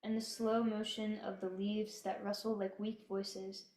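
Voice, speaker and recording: A woman giving a slow, solemn devotional reading in a prayerful, measured manner. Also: medium pitch, level tone, darkish tone. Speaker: devotional reader. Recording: echoey room.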